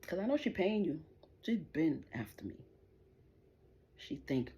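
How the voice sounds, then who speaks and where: A woman's voice: on the low side, very animated, moderate pace, pauses often, warm tone, highs cut off. A middle-aged woman hosting a livestream, delivering an angry, profane, taunting rant straight at the people she is addressing. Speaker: livestream host.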